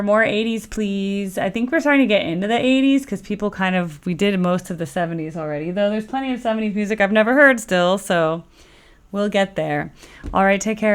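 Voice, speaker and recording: A woman's voice: mid-range voice, smooth. Chatty woman reacting to music. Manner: chatty and rambling, with many fillers and playful asides. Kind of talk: casual chat.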